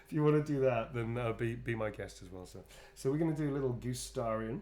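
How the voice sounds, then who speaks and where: A man's voice: mid-range voice, quick pace, darkish tone. A tired man chatting casually on a livestream, rambling and playful, calling viewers darlings as he draws. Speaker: actor drawing requested sketches for viewers.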